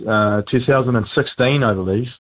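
Kiwi bloke chatting over the phone, chill and laughy, sounds thin and tinny. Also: male voice, medium pitch, fairly quick. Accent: New Zealand. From New Zealand. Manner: relaxed, laid-back, laughs easily. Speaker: band frontman guest. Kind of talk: phone interview.

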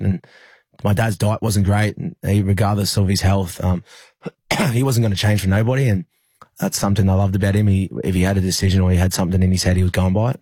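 Australian male athlete, interview guest, low husky voice, loose rambling delivery. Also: a little mellow, no room sound. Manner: rambling, many fillers and restarts. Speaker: rugby league player, interview guest. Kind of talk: emotional personal recollection in an interview.

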